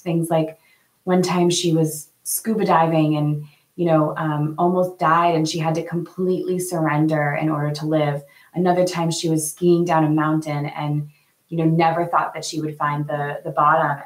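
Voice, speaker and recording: Woman host, low voice, chatty and earnest, echoey room. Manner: earnest, chatty, many fillers. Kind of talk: casual live talk to viewers.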